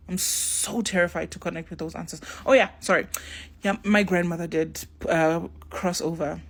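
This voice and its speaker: Husky-voiced woman storyteller. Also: on the low side, steady tone, moderate pace. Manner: acts out dialogue in shifting voices, talks straight to viewers. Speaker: spiritual storyteller. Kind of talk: casual storytelling to camera.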